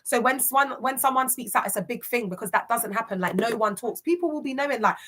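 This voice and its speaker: A woman's voice: a little high, fast, fairly bright tone. A young woman from West London with a London accent, giving casual vlog commentary in emphatic street slang full of rhetorical questions. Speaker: commentator on church cults.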